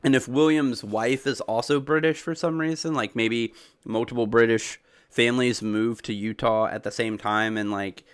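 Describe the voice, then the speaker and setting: A man with a softened Southern US accent, chatting casually on a livestream, rambling with lots of fillers and sudden excited jumps in pitch. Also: moderate pace, clear, resonant tone, no echo. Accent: Southern US, softened toward neutral American. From Southern United States. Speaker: streamer answering chat.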